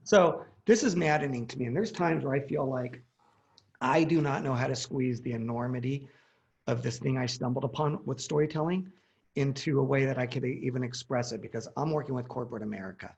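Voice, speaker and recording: A man's voice: medium pitch, fairly quick, creaky. A man in his forties telling a personal story in casual conversation, acting out the quoted dialogue.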